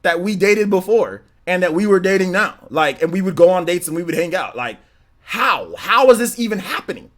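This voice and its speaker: A young man hosting a gaming livestream, telling a story in a casual, animated way, laughing and exclaiming as he thanks viewers. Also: high-pitched, moderate pace. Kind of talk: casual storytelling with chat shout-outs.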